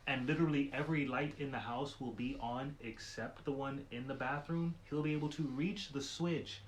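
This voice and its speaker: Co-host, adult man, mid-pitched voice, blunt jokey delivery, faint hiss underneath. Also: fairly even intonation, moderate pace, rough recording. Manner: blunt, joking, swears casually. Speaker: podcast co-host. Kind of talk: casual chat.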